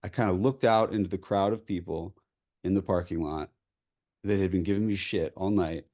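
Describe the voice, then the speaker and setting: A man tells a candid story as a filmmaker guest at a Q&A. He swears freely and keeps the telling lively and animated. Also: sits low, normal speed. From US Pacific Northwest. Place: post-screening Q&A.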